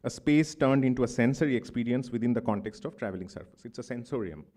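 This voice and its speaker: This Bengali-accented man from India, in his thirties, talks fast with a warm, expressive, mid-range voice. He is a speaker at an academic conference in a conference hall, taking a thoughtful, discursive approach sprinkled with asides.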